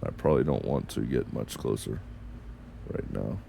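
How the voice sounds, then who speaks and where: Man, very low gravelly voice, mixed american accent, muttering game commentary, faint hiss behind. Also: moderate pace. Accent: mixed American, neither northern nor southern. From United States. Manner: muttering to himself, frequent swearing. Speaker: game streamer. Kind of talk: casual gameplay commentary.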